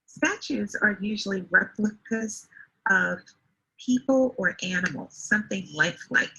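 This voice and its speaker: A woman's voice: mid-range voice, a little slow, gravelly, pushed and bright, breathy edge, low-quality recording. A woman teaching a one-to-one online English lesson over a video call, patiently explaining word meanings. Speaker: English tutor.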